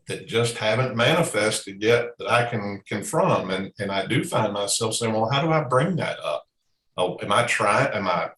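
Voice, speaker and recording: A man's voice: on the low side, fairly bright tone. A man asking a question in a casual group talk, thinking aloud in a hesitant, reflective way. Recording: roomy echo.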